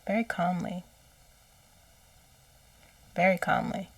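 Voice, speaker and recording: A woman psychic talking casually about messages she says she channeled, slow and hesitant, often correcting herself and dropping into whispers. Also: mid-range voice, steady tone, creaky, dry recording, recorded from a distance. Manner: slow, hesitant, self-correcting, with soft laughs and whispered asides.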